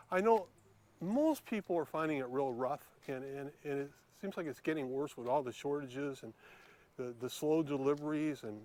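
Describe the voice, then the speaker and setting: Man, slightly higher voice, casual rambling vlog, lots of ums and restarts, outdoors by a lake, handheld camera. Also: a little mellow. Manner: rambling, hesitant, many fillers and restarts. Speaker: YouTube vlogger. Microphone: handheld camera while filming.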